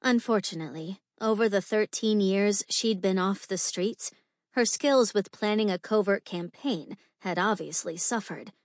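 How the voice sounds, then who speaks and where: A woman narrating an audiobook with a measured, clear storytelling delivery. Her voice sits at a middle pitch. The recording is dry and close, with no room sound. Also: no echo.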